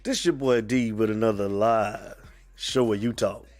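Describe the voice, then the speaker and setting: Sick-sounding fan-show host, animated. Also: male voice, fairly low pitch, faint music behind. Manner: drawn-out greetings, animated, calls out commenters by name. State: a little sick, under the weather. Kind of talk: casual live-stream chat, greeting viewers.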